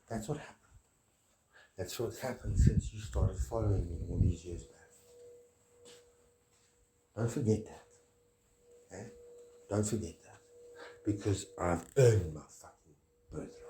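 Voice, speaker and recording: Male lead, slow low-voiced rambling preacher type, grandiose, foul-mouthed. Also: noisy background. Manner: preachy, grandiose, swears often. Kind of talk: rambling monologue.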